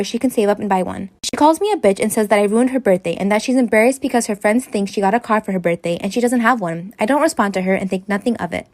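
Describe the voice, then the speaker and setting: A woman in her late twenties reading a first-person story aloud in a brisk, even telling. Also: a little high, no echo. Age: late 20s. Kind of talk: read-aloud storytime narration.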